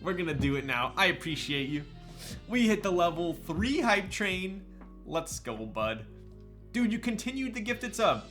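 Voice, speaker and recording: A man's voice: on the high side, bright, forceful tone. A man chatting casually on a live stream, hyped up, thanking viewers and laughing often while building a keyboard.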